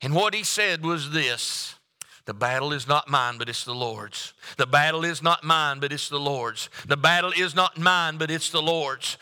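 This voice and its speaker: Male pastor, fervent repetitive sermon delivery, bright resonant tone, church hall reverb. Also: fairly high pitch, moderate pace, clean tone. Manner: preaching with rising fervor and repetition. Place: church sanctuary.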